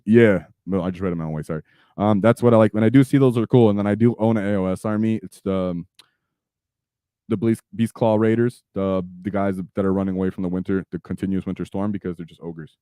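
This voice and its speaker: American male stream host, chatty and easygoing, lowish mellow voice, dry sound. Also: fairly even intonation, fast talker, smooth, dry recording. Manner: chatty, reads viewer comments aloud. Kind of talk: casual live stream chat.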